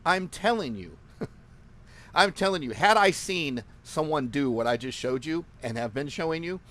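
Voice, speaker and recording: Working through his screen as he teaches forex trading live, a man with a slightly high voice talks at a normal speed. He's excitable and boastful, laughing frequently, swearing casually and repeating phrases to drive points home.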